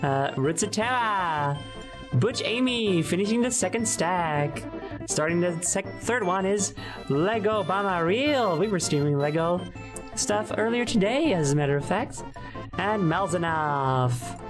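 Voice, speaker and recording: A woman's voice: medium pitch, expressive, normal speed. A woman streamer in casual live-stream chat, rambling and giggling with many fillers. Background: background music.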